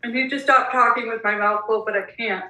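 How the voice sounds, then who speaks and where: A woman's voice: a little high, steady tone, a little fast, bright, forceful tone. A woman co-hosting a cooking show, chatting casually and gushing enthusiastically about the food she is tasting. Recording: echoey room, mic at a distance.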